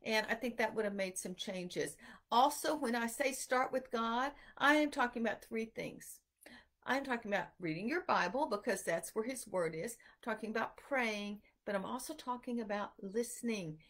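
A middle-aged woman with a twang, speaking a little higher than most women. She chats in a casual, lively way on a live stream, telling family stories and acting out what people said. Her voice comes through a simple desk mic or phone. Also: moderate pace. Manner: chatty, animated storytelling with self-quotes. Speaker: homeschooling podcast host. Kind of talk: casual livestream talk.

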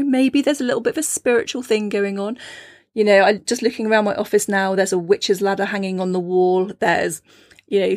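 A woman hosting a spiritual talk in a chatty, anecdotal manner. She laughs often as she explains things. Her voice sits at a middling pitch and sounds dry and close, with no room sound. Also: no room sound. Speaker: podcast host. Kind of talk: casual spiritual teaching talk.

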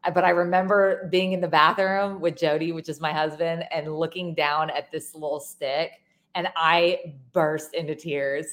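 A woman's voice: deep voice, flat delivery, normal speed, a bit bright. A woman co-hosting a casual podcast who talks with emphasis and acts out her past self in her stories. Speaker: podcast co-host. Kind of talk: casual chat.

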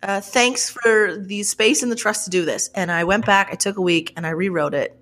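A woman author, a guest on a podcast, telling stories in a casual, animated, sweary way and laughing often. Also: mid-range voice, moderate pace. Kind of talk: casual interview chat.

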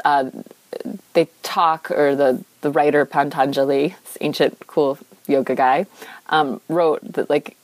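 A woman's voice: deep voice, vocal fry, dry recording, low-quality recording. A young woman talking informally about yoga and spiritual practice, with many fillers and restarts. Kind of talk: reflective spiritual monologue.

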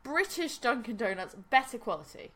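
A woman's voice: fairly high pitch, sing-song, normal speed, pushed and bright. A young woman co-hosting a podcast, chatting casually and rambling with lots of fillers as she rants. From United States. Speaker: podcast co-host. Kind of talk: casual chat.

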